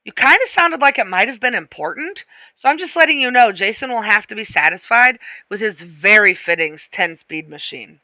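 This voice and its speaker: A reader voicing a sharp, suspicious wife who is a psychiatrist, speaking in a probing, matter-of-fact way. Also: medium pitch, expressive, normal speed, dry recording.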